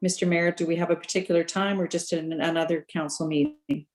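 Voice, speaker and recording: A woman's voice: fairly low pitch, fairly even intonation, a little fast, a little mellow, poor audio. A woman town councillor arguing her point firmly in a council meeting over a video call. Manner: firm, argumentative.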